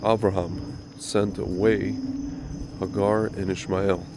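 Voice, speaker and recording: A man's voice: low voice, little pitch movement, takes it slowly, background noise. A man hosting a casual commentary monologue who talks straight to his viewers in a rambling, opinionated way, his voice slightly nasal from a recent cold. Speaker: religious commentary host.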